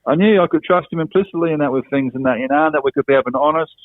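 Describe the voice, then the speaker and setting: A man's voice: fairly high pitch, racing, no room sound. A man chatting casually as a podcast guest, rambling and circling back on himself. His voice comes through a thin, phone-like line with a dry, close sound. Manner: rambling, full of "you know" and "and that", restarts. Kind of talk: casual chat.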